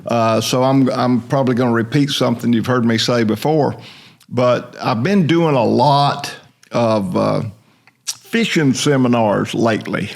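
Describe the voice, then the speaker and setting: A man's voice: medium pitch, a little slow, vocal fry. An older man hosting a casual podcast chat, rambling along in a folksy storytelling way. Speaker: host.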